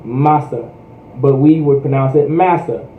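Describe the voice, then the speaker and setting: A man with a medium-pitched, unhurried voice teaches a language class in a casual way, tacking "right?" or "all right?" onto nearly every phrase. He's from the Hampton Roads area of the US, and the livestream audio sounds roomy and dull.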